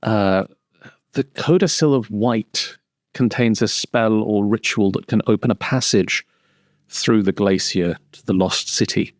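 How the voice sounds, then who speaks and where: A man's voice: fairly low pitch, unhurried, no echo, studio quality, close to an everyday voice. A man voicing the stuffy, prim spirit of an old male wizard trapped in an orb.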